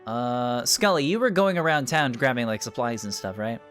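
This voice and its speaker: A man running a tabletop game, narrating casually with lots of filler words. His pitch moves in a lively way, and his voice has a bright, forceful edge. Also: moderate pace, soft background music. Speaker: dungeon master.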